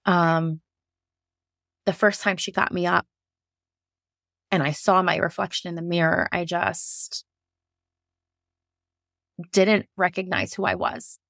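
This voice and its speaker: A woman's voice: lowish voice, little pitch movement, takes it slowly, vocal fry, pauses often, a bit bright, dry recording, studio quality. A woman guest frankly telling a painful personal story, emotional and laughing through hard moments. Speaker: guest sharing her birth story.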